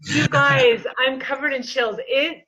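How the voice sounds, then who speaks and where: A woman yoga teacher chatting in an interview, telling personal stories in a lively, animated way and laughing often. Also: high voice, unhurried, a crowd in the background, rough recording. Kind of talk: casual interview chat.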